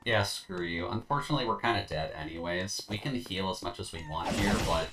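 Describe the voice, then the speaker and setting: A tired man streams a video game and talks through his play in a laid-back, rambling manner, full of fillers and slightly slurred words. His voice is low and brisk, with loud music playing behind it.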